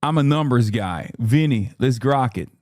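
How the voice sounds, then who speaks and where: A man's voice: medium pitch, lively intonation, normal speed, a little mellow, no echo, clean studio sound. A man hosting a live stream, joking and bantering with his chat in casual talk. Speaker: streamer host.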